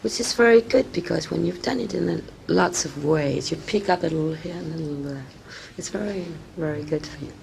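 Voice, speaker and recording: Woman, actress, gravelly voice, halting, faint tape hiss. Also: fairly low pitch, a little mellow. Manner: halting, searching for words, many restarts. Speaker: actress and director, interview guest. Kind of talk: casual interview talk.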